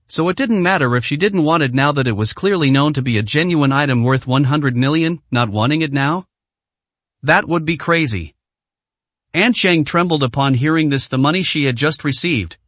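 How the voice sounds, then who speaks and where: Steady male storyteller, slightly high voice. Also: no room sound. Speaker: narrator. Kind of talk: audiobook story narration.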